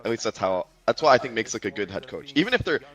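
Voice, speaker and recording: A young man talking fast in loose stream chat. He swears constantly and jumps in with excited reactions to the stories. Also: on the low side, low-quality recording. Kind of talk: casual chat.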